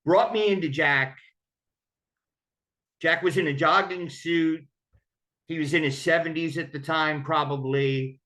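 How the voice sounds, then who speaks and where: A man's voice: fairly high pitch, a little slow, pauses often, pushed and bright. A man telling his own story of recovery in a candid, conversational way. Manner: candid, conversational, acts out quoted voices. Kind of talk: personal storytelling.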